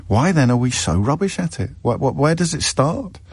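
A man's voice: mid-range voice, big pitch swings, normal speed, vocal fry, breathy edge, no room sound. A male phone-in radio host in a studio, musing aloud with lots of stammered restarts. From England. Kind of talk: casual radio talk. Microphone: studio mic.

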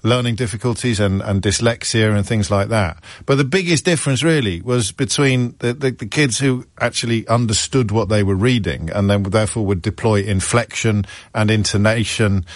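A man in his fifties hosting a talk radio show, speaking in a wry, mocking, conversational way with frequent quick restarts. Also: lowish voice, no echo. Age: 50s.

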